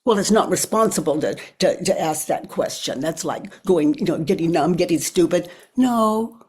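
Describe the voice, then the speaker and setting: An older woman leading a guided self-inquiry, talking slowly and reflectively with pauses and often sinking to a near whisper. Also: low-pitched, darkish tone, husky. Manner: thinks aloud with pauses. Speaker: spiritual teacher.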